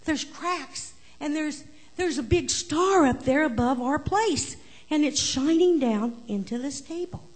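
A woman's voice: sits high, expressive, a little slow, pitched above the performer's own voice. A woman voicing a sassy nanny goat in a children's story, complaining about her lot.

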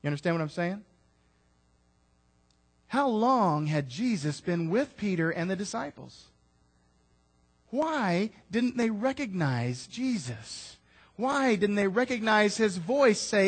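A man preaching a sermon to his congregation, rising loud on key lines and dropping into casual asides to listeners. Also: sits high, very animated, slow, pauses often, husky. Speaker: pastor.

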